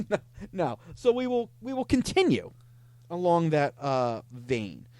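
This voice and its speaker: A man's voice: a little high, wildly swooping pitch, unhurried, a little mellow, dry recording. A man hosting a comedy show, telling a story and reading chat messages aloud in a playful, mock-dramatic way. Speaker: podcast host reading scam chats.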